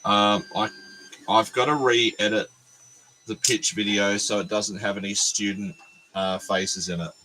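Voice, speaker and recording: An Australian man, a teacher, chatting casually on a livestream from his workbench, hoarse and sick with a cold, rambling and self-deprecating. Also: lowish voice, fairly even intonation, measured pace, bright, forceful tone, a little hiss or hum, rough recording.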